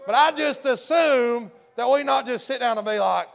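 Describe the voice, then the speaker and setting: A man's voice: very high-pitched, moderate pace, creaky. A man preaching a folksy sermon, often hollering and acting out the story's characters.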